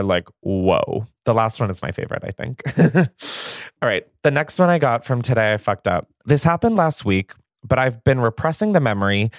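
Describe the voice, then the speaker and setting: A man's voice: medium pitch, no echo, clean studio sound. A man hosting a podcast, reading stories aloud in a profane, gossipy manner, jittery from caffeine and laughing often. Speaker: podcast host.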